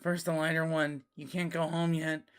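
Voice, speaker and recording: A woman reading aloud as a scheming adult woman, delivering wild confessions in a flat, hushed tone. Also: low voice, normal speed, clear, resonant tone, natural voice. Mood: coolly scheming.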